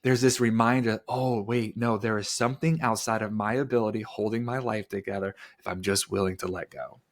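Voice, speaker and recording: Speaking fairly quickly in a voice on the low side, this thirty-something podcast guest shares a personal story with earnest animation and casual filler words.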